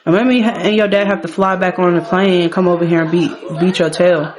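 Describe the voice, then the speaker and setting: A woman's voice: on the low side, steady tone, fast, crowd noise, close to an everyday voice. A woman voicing a strict, no-nonsense middle-aged mother in a life-sim game, blunt and scolding.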